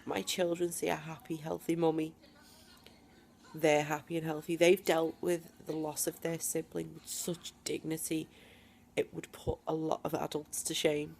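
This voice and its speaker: Gravelly-voiced woman speaking defiantly. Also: deep voice, level tone, darkish tone, slight background noise. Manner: emphatic and defiant, with deliberate pauses. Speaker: vlogger. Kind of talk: personal video diary.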